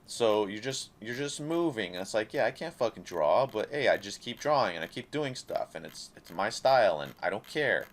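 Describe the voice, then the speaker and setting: A man's voice: lowish voice, expressive, normal speed, few pauses. A man giving a passionate, profane, rambling monologue as an independent creator speaking to camera. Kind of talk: casual talking-head monologue.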